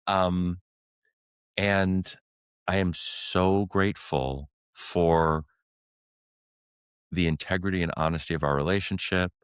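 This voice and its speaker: A middle-aged man, a podcast guest, telling a personal story in an earnest, halting way with many fillers and restarts. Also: low voice, fairly even intonation, smooth, dry recording.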